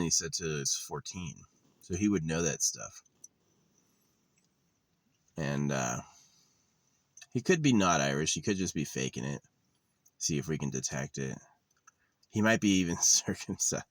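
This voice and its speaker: A man's voice: very deep voice, animated, normal speed, long pauses, no echo. A man in his thirties vlogging in a meandering, sardonic monologue, swearing casually as he goes. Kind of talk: rambling monologue. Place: lives in a van.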